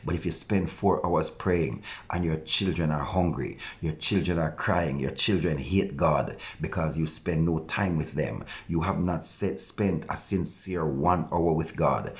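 A man's voice: very deep voice, measured pace, hardly any pauses, highs cut off. A male pastor preaching an earnest devotional sermon, now and then voicing the objections of his listeners.

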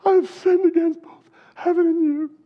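A man doing a halting, pleading young son. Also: very high-pitched, steady tone, highs cut off, voice pushed up. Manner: halting, voice rising.

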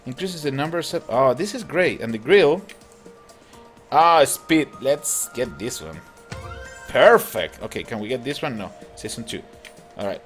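Excitable man narrating mobile gameplay. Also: medium pitch. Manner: excitable, chatty, laughs often. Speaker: mobile game channel host. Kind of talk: casual gameplay commentary. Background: game music.

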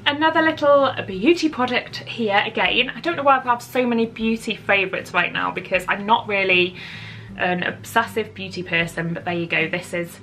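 A woman seated at home chats to camera about beauty products she loves, chatty and giggly, often teasing herself. She speaks at a moderate pace in a mid-range, fairly bright voice.

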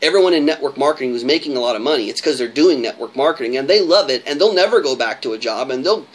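A man's voice: mid-range voice, lively intonation, fast. Emphatic man giving a coaching talk. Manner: emphatic, repetitive, tags lines with "right?". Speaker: network marketing coach.

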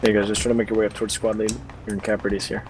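A man acting as squad leader in a game, giving brisk, flat callouts over voice chat. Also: on the low side, slight background noise.

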